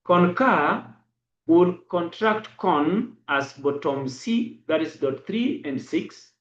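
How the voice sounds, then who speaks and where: A man teaching a braille lesson, slowly spelling out letters and dot numbers. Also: a little high, lively intonation. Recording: echoey dull lo-fi room.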